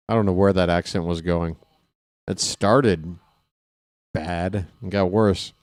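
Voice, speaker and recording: Male stream host, unhurried rambling chat, clean dry voice on a close mic. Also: low voice, fairly even intonation, a little mellow, dry recording. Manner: chatty, rambling, joking asides to chat. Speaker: baseball live-stream host. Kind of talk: casual post-game stream chat.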